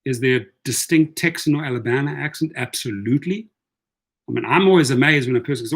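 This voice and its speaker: A man's voice: medium pitch, fast talker. Chatty man answering a live chat. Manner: chatty, reads viewer comments aloud, repeats words. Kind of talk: casual livestream advice.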